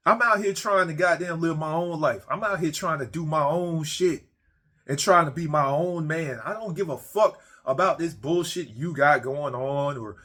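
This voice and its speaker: A man's voice: on the high side, moderate pace, fairly bright tone. A man sits in his man cave and unloads a comic, profanity-laden rant. He is blunt and repetitive, and he keeps stumbling and restarting his sentences as he goes. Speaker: ranting monologue creator.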